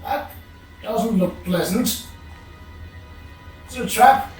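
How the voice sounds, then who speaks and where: A gamer talks their way through a dungeon at an unhurried, drawn-out pace, muttering thoughts aloud and humming between lines. The voice sits back from the mic in a very echoey room, with faint game ambience underneath. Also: mid-range voice, darkish tone, distant mic, soft background music. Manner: musing, mutters to self, hums. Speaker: let's play gamer. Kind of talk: casual gameplay commentary.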